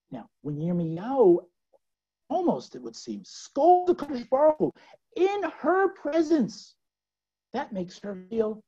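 A woman lectures on scripture with theatrical swings from loud to hushed, asking her listeners questions as she goes. Her voice sits fairly high but sounds dark and husky, with very lively pitch. The recording is dull and lo-fi. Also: normal speed. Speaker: Bible teacher.

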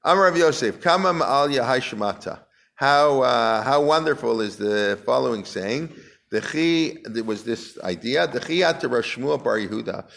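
Gravelly man teaching a Talmud class. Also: medium pitch, animated, normal speed, fairly bright tone. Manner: restarts a lot, chanting Aramaic then explaining in English; conversational, asks the class questions.

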